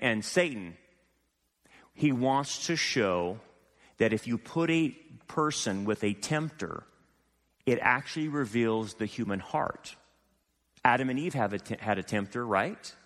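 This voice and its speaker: A man preaching a sermon as pastor, animated and full of rhetorical questions to his congregation. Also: mid-range voice. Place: church sanctuary. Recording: long hall reverb.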